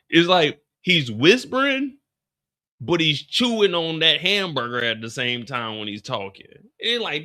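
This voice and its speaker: Animated man recapping an episode. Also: on the high side, measured pace, no room sound, studio quality. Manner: animated, profane, laughing aside. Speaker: host.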